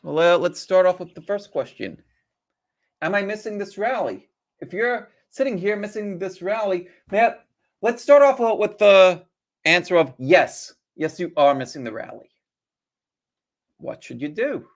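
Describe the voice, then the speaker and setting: Man, live-stream host, gravelly voice, slightly high pitch, chatty, rhetorical questions. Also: lively intonation, unhurried. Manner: chatty, asks rhetorical questions and greets viewers. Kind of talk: casual live-stream market commentary.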